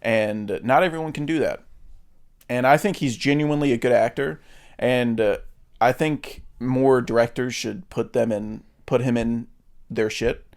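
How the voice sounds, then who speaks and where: A man's voice: medium pitch, unhurried, a little mellow. A man co-hosting a podcast, chatting casually and with strong opinions, swearing now and then and using lots of fillers. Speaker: podcast co-host. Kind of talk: casual film chat.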